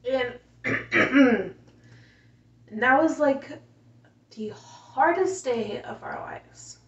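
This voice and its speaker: A woman with a slightly high voice tells a painful family story, softly and with feeling, pausing often on fillers. She sits back from the camera mic. The room echoes and the sound is dull. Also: animated. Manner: soft-spoken, emotional, many fillers. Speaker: mother telling her story. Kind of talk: casual personal storytelling. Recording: roomy, distant, dull home recording.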